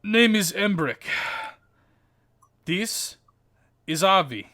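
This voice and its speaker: A man's voice: sits high, expressive, very slow, pushed and bright, dry recording, studio quality, voice pushed up, exaggerated voice. A man voicing a hot-tempered male fire genasi smith who bursts out and curses. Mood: irritable. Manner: explosive, cursing outbursts.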